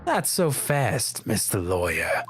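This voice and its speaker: A swaggering pirate, voiced by a man reading along with a courtroom game, growling and dropping his voice into a gravelly low register. His old-timey talk swings widely in pitch, with quiet game music in the background. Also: sing-song, slow pace. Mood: boastful. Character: gruff boastful adult male pirate. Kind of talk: reading a game's dialogue aloud in voices.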